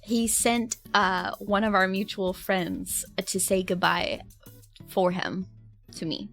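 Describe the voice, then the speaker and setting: A young woman streamer telling a story in a casual, animated way, laughing often and breaking into high squeals. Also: slow, soft background music.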